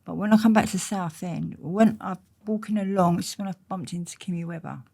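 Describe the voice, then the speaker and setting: A woman's voice: lowish voice, a little fast, vocal fry. A woman, a guest telling blunt, slangy stories in an interview. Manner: blunt, slangy, animated storyteller. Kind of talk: storytelling in an interview.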